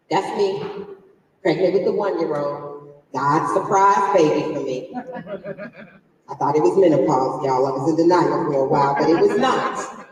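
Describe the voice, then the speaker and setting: A woman in her forties, her voice fairly low, stands on a large conference stage giving a motivational business talk. She keeps it conversational, quizzing listeners and recounting an emotional personal experience. The recording mic is far away, leaving an echoey hall sound.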